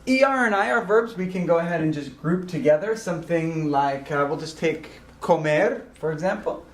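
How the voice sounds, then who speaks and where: A man teaching a recorded grammar lesson, explaining slowly and deliberately with frequent ums and uhs. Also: fairly high pitch, animated, echoey room, slight background noise. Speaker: Spanish teacher.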